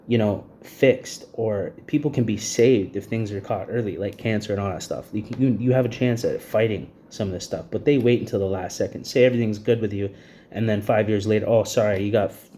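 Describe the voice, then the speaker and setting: A man's voice: lowish voice, warm tone, slight background noise. A man in his thirties ranting to camera in an agitated, repetitive way, short of breath, with frequent "you know what I mean" fillers. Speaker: vlogger.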